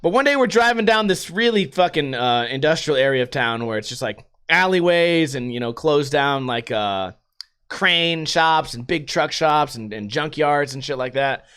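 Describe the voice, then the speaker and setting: Lively, profane young male podcast host. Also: on the high side, moderate pace, clear, resonant tone. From United States. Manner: profane, laughing storyteller. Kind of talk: casual solo podcast chat.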